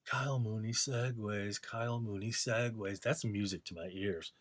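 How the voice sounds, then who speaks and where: Sarcastic low-voiced man ranting. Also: fairly even intonation, normal speed, no echo. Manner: sarcastic, profane, mocking. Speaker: vlogger and artist. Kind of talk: casual ranting monologue.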